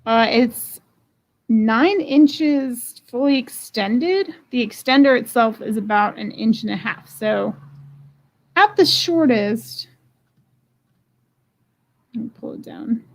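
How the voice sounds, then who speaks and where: Chatty woman with gravelly fry. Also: fairly high pitch, lively intonation, slow, pauses often. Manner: chatty, playful, self-joking. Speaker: online jewelry seller. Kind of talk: live-stream unboxing and auction chat. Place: home room.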